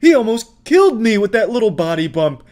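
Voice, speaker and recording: A man's voice: high voice, sing-song, a little fast, a little mellow, voice pushed up. A man mimicking a squealing, sobbing whiner. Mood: mocking. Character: whiny shrieking man mocked as overreacting.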